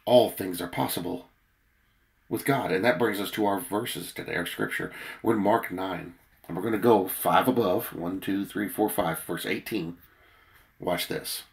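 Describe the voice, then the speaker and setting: A worn-out man giving an earnest daily devotional sermon and reading scripture aloud, his loudness swelling and dropping for emphasis. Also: low voice, normal speed, creaky. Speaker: preacher leading a daily prayer.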